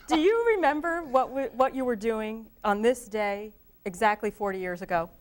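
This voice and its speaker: A woman's voice: fairly high pitch, moderate pace. A woman hosting a TV interview, upbeat as she leads the questions. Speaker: TV host.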